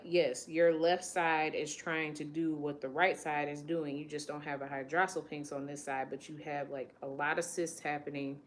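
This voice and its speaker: Late-20s woman with a low voice, telling her own story candidly on a vlog, quotes what people said to her. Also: a little hiss or hum. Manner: candid, emotional, quotes others in conversation. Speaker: vlogger.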